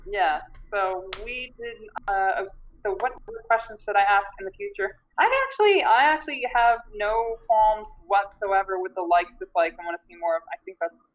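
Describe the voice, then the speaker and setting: A woman tabletop player and character artist giving casual, thoughtful feedback after a game session, often pausing to search for her words. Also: mid-range voice, low-quality recording.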